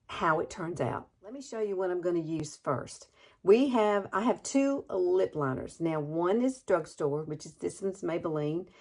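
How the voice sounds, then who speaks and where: A chatty woman in her sixties walks viewers through a makeup routine, her fairly low voice carrying a gravelly edge. She gushes over every step with easy enthusiasm, like a friend showing off a trick at home. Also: darkish tone. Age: 60s. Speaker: beauty vlogger. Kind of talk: casual makeup tutorial.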